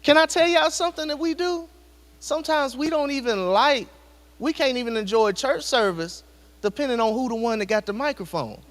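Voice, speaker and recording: In a church sanctuary, a man with an extremely high, fairly bright, expressive voice preaches a sermon at a normal pace. He speaks straight to the congregation, asking rhetorical question after rhetorical question, and the recording carries the long reverb of a church hall.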